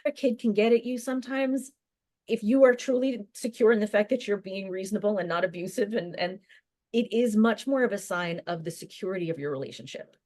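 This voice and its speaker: A woman counselor being interviewed on a podcast, explaining ideas in quick bursts with restarts. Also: mid-range voice, mellow, no echo, clean studio sound. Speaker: licensed counselor, guest.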